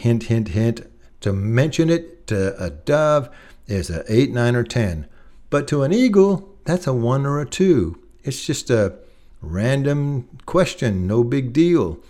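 A man's voice: medium pitch, darkish tone. A middle-aged male pastor preaching a sermon in a conversational way, telling a personal story and listing words one by one.

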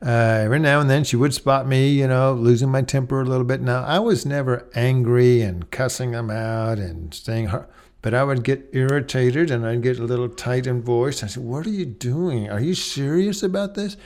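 Middle-aged pastor preaching with slow emphasis. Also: male voice, medium pitch, fairly even intonation, darkish tone, clean tone. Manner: slow, deliberate emphasis on key words; acts out dog-talk and scolding in a raised voice. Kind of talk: sermon.

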